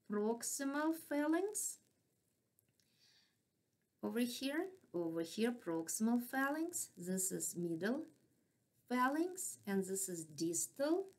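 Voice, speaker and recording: A woman with a non-native English accent, lecturing on anatomy at an unhurried pace. She names each part slowly and keeps asking if the class is following. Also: medium pitch, darkish tone. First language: not English. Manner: patient, checks in with frequent "right?". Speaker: anatomy instructor.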